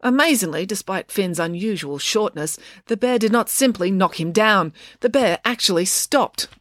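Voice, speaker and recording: A woman narrating a children's storybook aloud, lively and dramatic. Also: mid-range voice, normal speed, dry recording, studio quality. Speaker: audiobook narrator.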